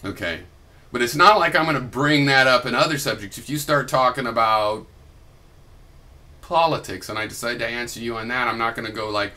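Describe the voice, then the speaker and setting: A young man talks straight at his opponent in a reply video, combative and sharp-tongued, swearing freely. His voice has a bright, forceful edge, and he keeps slipping into sarcastic mock quotes. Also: mid-range voice, normal speed. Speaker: video blogger replying to another vlogger.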